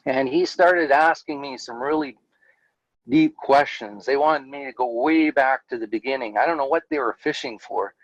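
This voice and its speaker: A man's voice: medium pitch, moderate pace, dry recording, muffled recording. A middle-aged man, candidly telling his personal story as an interview guest, with frequent fillers.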